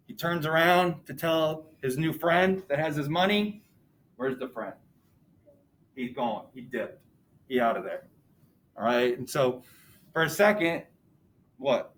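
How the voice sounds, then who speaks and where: A man's voice: mid-range voice, lively intonation, unhurried, a little hiss or hum, rough recording. A male teacher in a classroom, casually retelling a story and asking his students questions as he goes. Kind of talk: classroom lesson retelling a novel.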